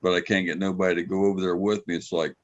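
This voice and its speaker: Laid-back guy with a lowish voice talking fishing spots, muffled call sound. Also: little pitch movement, fast talker. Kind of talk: casual chat.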